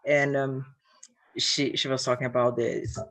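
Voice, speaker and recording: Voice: medium pitch, flat delivery, a bit bright. Host, reflective casual talk, searches for words, mid-range voice. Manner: thoughtful, halting, searching for words. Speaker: host and diversity company CEO.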